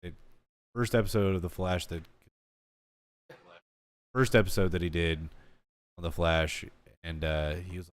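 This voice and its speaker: A man's voice: low voice, fairly even intonation, measured pace, long pauses, clear, resonant tone, no room sound. A young man hosting a podcast in casual chat, rambling and swearing, often laughing. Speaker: podcast host.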